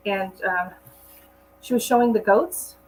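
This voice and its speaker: Speaking indoors at home on her gardening channel's live stream, this middle-aged host rambles casually as she pots plants and talks to her dog. She has a medium-pitched, darkish voice and speaks a little slowly, captured on a low-quality recording.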